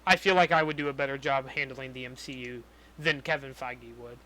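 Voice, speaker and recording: A man's voice: medium pitch, fairly even intonation, a little fast, pushed and bright. A young man co-hosting a podcast in casual chat, griping about a movie with a lot of swearing. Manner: profane, ranting movie criticism. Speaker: podcast co-host.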